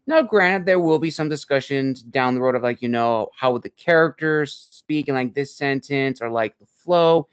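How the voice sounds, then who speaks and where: Smooth-voiced male podcast host. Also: mid-range voice, moderate pace, hardly any pauses, highs cut off. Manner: rambling, long winding questions. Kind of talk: interview questions.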